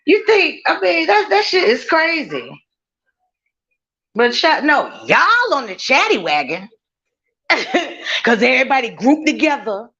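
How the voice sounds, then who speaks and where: This livestream host has a high, sing-song voice with a sharp edge, and she takes her time, pausing often. She chats frankly with viewers from her kitchen as she cooks, swearing without restraint and laughing frequently. The recording has its highs clipped off.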